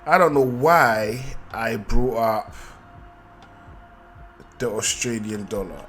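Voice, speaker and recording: A man's voice: mid-range voice, slow pace, pauses often, fairly bright tone, faint music behind. A man giving a live market analysis, thinking aloud and repeating phrases, often checking in with "right?". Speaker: trading analyst.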